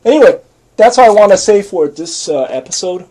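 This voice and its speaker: A man's voice: high-pitched, lively intonation, fairly quick, darkish tone. A man in his forties, a channel host talking in a rambling, repetitive and blunt casual monologue to camera. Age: 40s.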